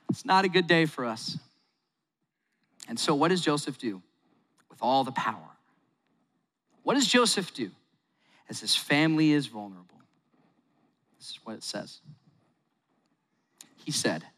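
A man preaching a sermon in a large hall, telling a story with animated delivery and acting out quotes. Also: fairly high pitch, normal speed, pauses often. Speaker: pastor. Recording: long reverb of a large hall.

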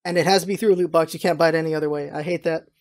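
A mid-pitched speaker talks in casual podcast chat, quick and opinionated. They hammer points home by repeating them. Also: fairly even intonation, a little mellow.

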